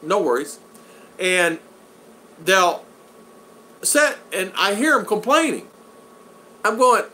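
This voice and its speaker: A man's voice: high-pitched, big pitch swings, extremely slow, long pauses, pushed and bright. Chatty older man hosting a live chat. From United States. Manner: chatty, laughs often, greets viewers by name. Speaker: livestream host reading chat.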